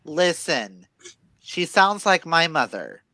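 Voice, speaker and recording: Animated man telling a story on a livestream. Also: fairly high pitch, slow pace, no echo. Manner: animated storytelling, laughs often. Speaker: livestream co-host. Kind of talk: casual chat on a livestream.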